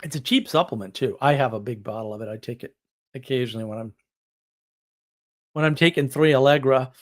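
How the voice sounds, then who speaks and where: A man's voice: mid-range voice, a little fast. A man hosting a live stream, chatting casually in a rambling way and laughing at his own stories. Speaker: livestream host.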